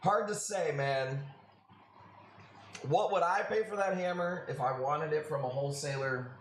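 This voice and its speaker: A man's voice: a little high, a little slow, slight background noise. A man hosting a live coral sale stream, chatting casually with viewers in a joking, profane way. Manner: joking, profane, talks to chat.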